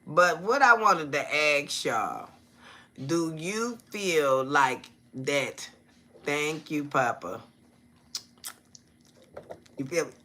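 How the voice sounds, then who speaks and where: Bright, chatty man on a live stream. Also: on the high side, lively intonation, extremely slow, pauses often. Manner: chatty, keeps asking viewers "you feel me?"; greets viewers by name mid-talk. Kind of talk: casual live-stream talk.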